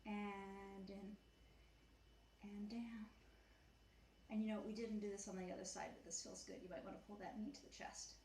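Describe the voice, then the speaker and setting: A woman teaches beginner mat Pilates in a home room, her mid-range voice level, a little mellow, and moderately paced with long pauses. Encouraging and conversational, she counts reps and cues exercises while slightly out of breath. Echo and faint ambient noise fill the recording.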